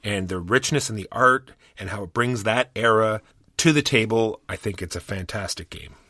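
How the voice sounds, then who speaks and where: An easygoing man co-hosting a board game podcast, joking around with loose, casual phrasing. His voice sits on the low side but sounds bright and clear, recorded dry on a close mic. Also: moderate pace, no room sound. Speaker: podcast co-host.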